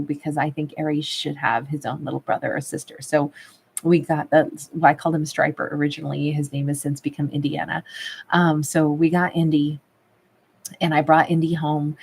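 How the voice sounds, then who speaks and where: A woman tarot reader in a casual livestream, chatting affectionately with viewers and calling them babe and love, a little rough from a recent cough. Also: low-pitched, darkish tone. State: recovering from a cough. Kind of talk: livestream chat reading viewer comments.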